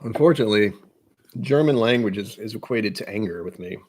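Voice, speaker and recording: A young American man hosts a whiskey channel in a fairly low, husky, darkish voice, speaking expressively and briskly. He rambles casually, musing aloud and poking fun at himself.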